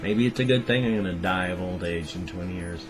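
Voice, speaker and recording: A man's voice: low voice, a little fast. A man in his fifties talking to camera in a rambling daily vlog, wry and darkly joking. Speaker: daily vlogger. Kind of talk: rambling monologue. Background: music.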